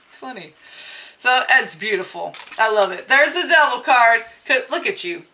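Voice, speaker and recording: A woman's voice: medium pitch, a little fast, bright, forceful tone. A woman giving a casual, chatty spiritual tarot reading straight to her viewers, laughing often and swearing freely. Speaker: tarot reader.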